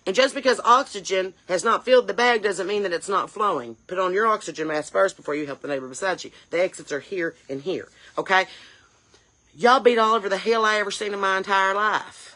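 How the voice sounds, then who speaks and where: A woman's voice: medium pitch, fairly quick, bright, forceful tone, close to an everyday voice. A woman playing a brash, indignant chain-smoking mom, scolding and firing off rhetorical questions. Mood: indignant rant. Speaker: comedy character creator. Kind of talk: character comedy rant.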